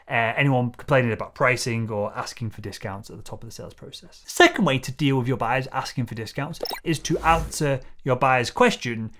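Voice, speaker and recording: Confident man coaching on sales. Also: medium pitch. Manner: confident, coaching, acts out buyer and seller exchanges. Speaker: sales trainer. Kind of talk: scripted sales tutorial to camera.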